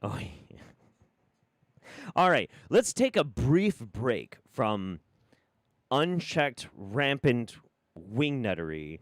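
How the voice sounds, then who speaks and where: Animated sarcastic male streamer. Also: mid-range voice, very slow, pauses often, no room sound, studio quality. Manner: sarcastic, laughs often, swings between loud bursts and quiet mutters. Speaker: streamer host. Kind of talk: casual live-stream commentary.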